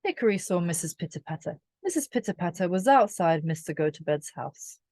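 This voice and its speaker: Brief: woman storybook reader, clear and expressive, animated pitch. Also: no echo, studio quality. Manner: expressive, slow and clear for children. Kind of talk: children's storybook read-aloud.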